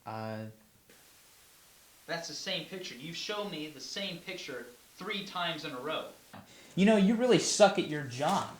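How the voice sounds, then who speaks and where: A man's voice: fairly high pitch, lively intonation, a little slow, roomy sound, slight background noise. A young man playing a flustered patient in a comedy short, rambling and stammering. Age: young adult. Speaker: actor in a student comedy film.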